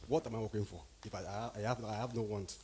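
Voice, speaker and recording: A man's voice: lowish voice, fairly even intonation, fast talker, a little mellow, a little hiss or hum. A man in the audience asking a question hesitantly.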